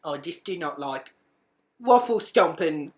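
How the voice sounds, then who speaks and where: A woman's voice: sits low, a little slow. Profane woman telling a story. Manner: profane, animated, shouts quoted lines. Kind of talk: casual storytelling monologue.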